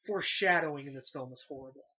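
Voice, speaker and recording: A young man hosting a casual movie review chat, animated and sarcastic, swearing casually as he picks a film apart. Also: medium pitch, quick pace. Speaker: movie reviewer, site host. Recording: dull lo-fi sound.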